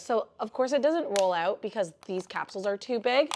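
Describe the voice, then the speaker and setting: A young woman vlogging a jewelry unboxing in a chatty, rambling way, breaking into squealing bursts of excitement. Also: on the high side, normal speed, few pauses. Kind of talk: casual unboxing vlog.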